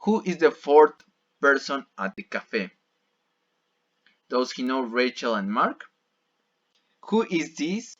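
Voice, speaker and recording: Slow, patient male English teacher. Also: medium pitch, sing-song, fairly bright tone, dull audio. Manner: repeats and rephrases each example patiently. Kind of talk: bilingual classroom explanation.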